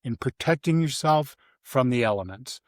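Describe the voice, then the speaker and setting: An animated older man from Vermont, speaking at a moderate pace in a middle-range voice, recalls his life during a casual interview, rambling and restarting with plenty of fillers. For a moment he mimics his mother in a high voice. The recording is close and dry, without room sound.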